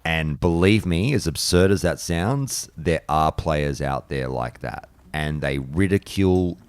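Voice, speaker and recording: A streamer and podcast host chats casually while gaming on a live stream, speaking bluntly, swearing freely and rambling between thoughts. His bass voice is a little slow with lively intonation, and the sound is clean with no echo.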